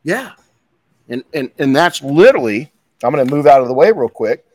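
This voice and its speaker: A man's voice: medium pitch, lively intonation, a little fast, mellow. Middle-aged male podcast host, blunt casual storyteller, mid-range voice. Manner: blunt, swears, many restarts. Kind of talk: casual motivational talk.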